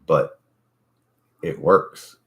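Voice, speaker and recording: A man's voice: extremely slow, muffled recording. A man hosting a casual chat show, telling profane, rambling stories from his life. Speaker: podcast host.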